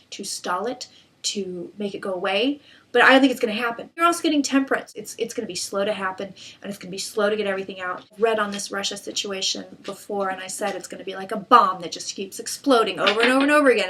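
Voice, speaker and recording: A woman's voice: mid-range voice, bright, forceful tone. A woman reading tarot cards in a casual monologue, blunt and irreverent, with frequent fillers and restarts. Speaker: psychic tarot reader.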